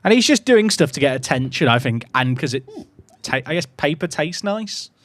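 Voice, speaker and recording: A man's voice: on the high side, lively intonation, normal speed, a bit bright, dry recording. A man live-streaming and chatting casually, rambling and cutting himself off mid-word, cooing at his puppy between remarks. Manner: rambling, chatty, self-interrupting; coos affectionately at his puppy.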